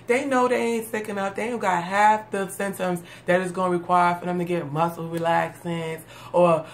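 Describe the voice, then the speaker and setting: A woman's voice: on the low side, steady tone, moderate pace, a little hiss or hum. Sarcastic streetwise woman. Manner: sarcastic, streetwise, laughs often. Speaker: comedic monologue host. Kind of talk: casual comedic rant.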